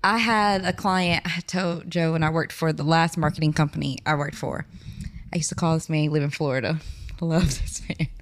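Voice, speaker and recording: Young woman, podcast guest, lower-pitched voice, animated storyteller who laughs a lot. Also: normal speed. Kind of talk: casual podcast conversation.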